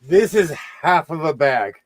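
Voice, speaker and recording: A man hosting a casual sewing livestream from his home sewing room, easygoing and quick to laugh. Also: fairly high pitch, expressive, slight background noise. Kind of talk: casual chat.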